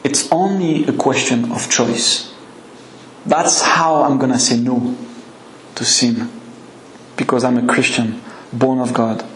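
French-accented male preacher, deliberate and emphatic, roomy reverb, faint ambience. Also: mid-range voice, fairly even intonation, fairly bright tone, slight background noise. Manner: earnest, emphatic, slow and deliberate. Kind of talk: sermon.

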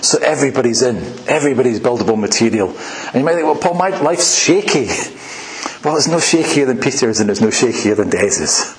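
A man preaching a sermon in a relaxed, chatty way, often laughing at his own asides. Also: mid-range voice, fast talker, roomy sound, low-quality recording. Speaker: pastor.

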